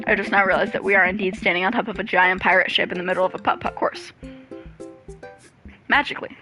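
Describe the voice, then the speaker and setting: Bright-voiced woman narrating a game. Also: mid-range voice, steady tone, quick pace, long pauses, faint music behind, rough recording. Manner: playful, giggly asides. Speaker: gamer. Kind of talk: let's play commentary.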